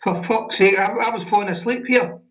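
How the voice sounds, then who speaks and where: A man's voice: high voice, fairly even intonation, a little fast, a bit bright, recorded from a distance, a little hiss or hum, low-quality recording. A Scottish man calling in to a football podcast, blunt, sweary and rambling. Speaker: caller. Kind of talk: casual football chat.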